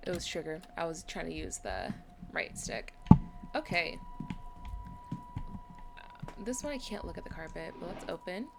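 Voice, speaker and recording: A woman's voice: on the low side, wildly swooping pitch, a little slow, gravelly, long pauses, very noisy. A woman giving casual commentary while playing a video game, chatty and reading item text aloud. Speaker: gamer. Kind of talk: casual let's-play commentary.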